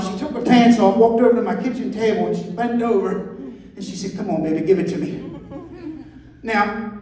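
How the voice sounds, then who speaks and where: A man in his fifties with a high, darkish voice does a crude stand-up set on a club stage, telling stories and acting out the dialogue himself. The recording comes from far off in an echoey hall, with the live audience laughing in the background.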